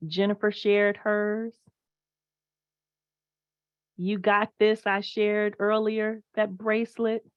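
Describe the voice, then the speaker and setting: A woman's voice: medium pitch, slow, pauses often, smooth, no room sound, highs cut off. Emphatic woman giving a motivational talk. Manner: emphatic, animated, reads chat replies aloud. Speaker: motivational speaker.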